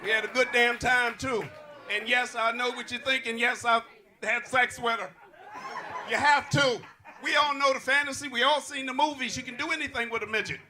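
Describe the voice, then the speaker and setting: A man's voice: extremely high pitch, fairly even intonation, moderate pace, bright, forceful tone. A man doing a crude storytelling stand-up set at a live show. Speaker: stand-up comedian. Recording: noisy crowd at a live show.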